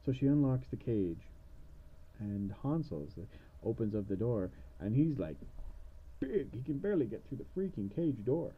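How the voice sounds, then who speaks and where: A man's voice: medium pitch, big pitch swings, moderate pace, husky. A man retelling a fairy tale casually, rambling with sarcastic asides, on a dull lo-fi recording. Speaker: storyteller.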